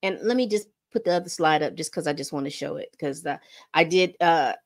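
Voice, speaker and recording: A woman's voice: low voice, fairly quick. A woman hosting a casual commentary video, chatty and repeating herself as she talks her viewers through a story. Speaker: commentary channel host.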